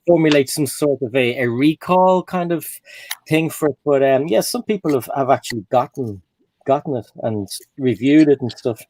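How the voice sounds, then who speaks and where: A man's voice: medium pitch, lively intonation, moderate pace, a little mellow, slight background noise. A man living in Ireland, chatting casually and agreeably as a guest on a stream call. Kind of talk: casual chat.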